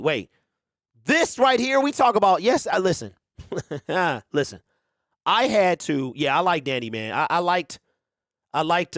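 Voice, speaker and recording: A man hosting a casual sports talk stream, animated, who exclaims and repeats himself. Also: on the high side, dry recording, clean studio sound. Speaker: sports show host.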